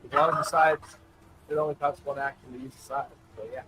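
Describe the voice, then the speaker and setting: A man's voice: a little high, little pitch movement, fast talker, bright, forceful tone, rough recording. A man acting as game master, describing combat and asking for rolls in a casual, laughing way. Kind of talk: narrating a tabletop game.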